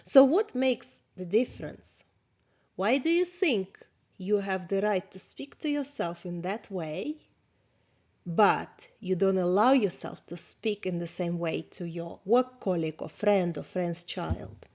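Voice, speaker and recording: Slow, calm woman therapist teaching. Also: on the low side. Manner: slow, calm, questioning, with small grammar slips of a non-native speaker. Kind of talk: guided self-reflection lesson. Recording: slightly dull lo-fi sound.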